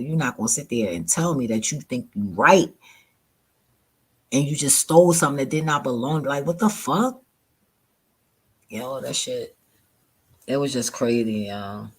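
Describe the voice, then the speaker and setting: A woman's voice: extremely low pitch, normal speed, a little mellow, breathy edge. A woman vlogger casually retelling a story to her viewers, profane and exasperated, often laughing.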